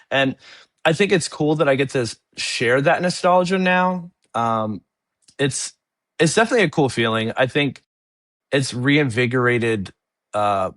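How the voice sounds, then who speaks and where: A man's voice: medium pitch, fairly bright tone, no room sound, studio quality. A man in his thirties from New Jersey, a guest musician talking reflectively and easily in an interview, often saying "you know". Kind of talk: casual interview chat.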